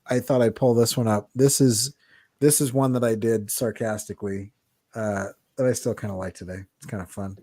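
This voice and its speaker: A middle-aged man co-hosting an art podcast, telling stories in a lively way and laughing often. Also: lowish voice, moderate pace, dry recording. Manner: animated storytelling, laughs often. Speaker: podcast co-host, artist. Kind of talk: casual chat.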